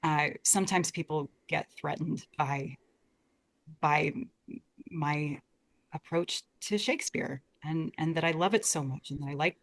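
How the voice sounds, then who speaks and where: A woman's voice: deep voice, a little slow. A young American woman, a guest talking earnestly about Shakespeare in a casual interview, often restarting her words. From United States. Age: young adult.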